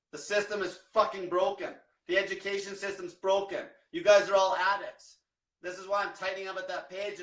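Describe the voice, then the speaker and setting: A man's voice: high voice, a bit bright, roomy sound, distant mic, poor audio. A man coaching in a profane, blunt livestream rant, repeating himself. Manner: profane, blunt, repetitive, fired-up. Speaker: diet coach.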